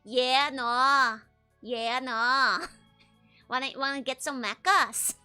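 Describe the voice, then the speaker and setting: Woman doing a loud Aussie bloke caricature. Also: very high voice, expressive, drawn-out words, no room sound, soft background music, pitched above the performer's own voice, full character voice. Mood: playful. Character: brash laid-back Aussie bloke stereotype.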